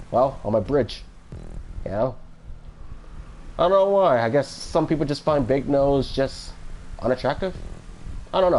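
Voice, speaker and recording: Lively rambling young man streamer. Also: mid-range voice, slight background noise. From Florida, US. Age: 20s. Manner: rambling, joking, many restarts. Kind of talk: casual live-stream chat.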